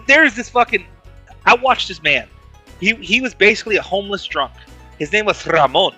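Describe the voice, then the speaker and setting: A man's voice: sits high, animated, moderate pace, pushed and bright, husky, soft background music. A man telling a crude story in casual podcast banter, swearing often and mocking people with put-on voices. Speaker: podcast co-host.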